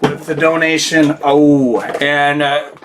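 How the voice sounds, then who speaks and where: A man's voice: a little high, level tone, slow pace, noisy background. A man hosting a live fight stream, chatting casually and rambling as he thanks his viewers and donors.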